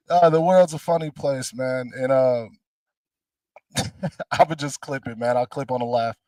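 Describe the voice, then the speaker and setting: A man's voice: mid-range voice, fairly even intonation, a little slow, pauses often, mellow, no echo, far from the mic. A man, a comedian, riffing loosely and slangily, laughing through his jokes. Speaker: comedian guest. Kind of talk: casual comic riffing.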